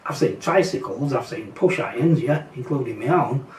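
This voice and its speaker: A man's voice: medium pitch, animated, normal speed, a little mellow. A man with a Yorkshire accent, ranting bluntly and sarcastically in a casual vlog, rambling with fillers and mocking asides. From Yorkshire, England. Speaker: vlogger. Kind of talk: casual opinion rant. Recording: roomy echo, distant from mic.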